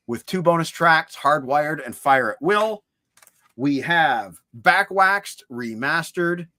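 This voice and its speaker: A man's voice: on the high side, dry recording. Guy rattling off his cd collection, voice bouncing all over, dry close sound. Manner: enthusiastic, lively collector talk. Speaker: co-host showing his CD collection. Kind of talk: casual chat on a livestream.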